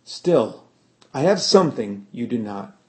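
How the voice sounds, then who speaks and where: A man reading a literary story aloud, slow and deliberate, with dramatic swells on key words. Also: mid-range voice, lively intonation, darkish tone. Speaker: narrator.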